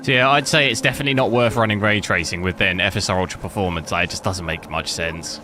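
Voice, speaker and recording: A man's voice: low-pitched, fairly even intonation, quick pace, pushed and bright. A man streaming a game, chatting casually and rambling through his commentary, with noisy stream audio. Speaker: gaming streamer.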